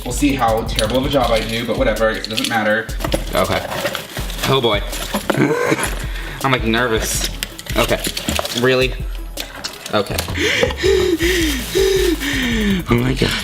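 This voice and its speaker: A man doing a casual unboxing vlog at home, gushing and excitable, often poking fun at himself. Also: mid-range voice, normal speed, pauses often. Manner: gushing, excitable, self-mocking. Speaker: YouTuber unboxing a phone. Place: room at home. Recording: roomy echo with background music.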